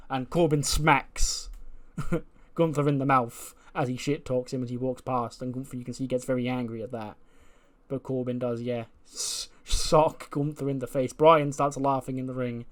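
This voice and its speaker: A man casually narrating his wrestling simulation playthrough, jumping between narration and quick put-on lines for each wrestler. His voice sits at an ordinary middle pitch, relaxed and chatty throughout. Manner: acts out every character's lines in quick casual retelling. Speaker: let's play host. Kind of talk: narrating and voicing a wrestling sim story.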